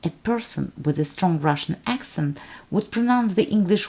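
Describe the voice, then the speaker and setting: A woman teaching alphabet pronunciation, speaking deliberately and enunciating each sound so it can be repeated. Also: fairly low pitch, animated, dark tone. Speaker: language teacher. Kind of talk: slow instructional narration.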